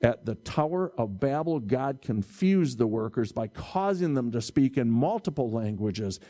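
A man preaching a sermon, lively and expressive, acting out bewildered reactions and stumbling over Greek words. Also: medium pitch, a little slow. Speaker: pastor.

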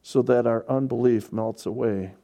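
A man's voice: medium pitch, steady tone, moderate pace, vocal fry, warm tone. A man preaching a sermon, explaining scripture and pressing points home with emphatic, repeated words. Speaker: pastor.

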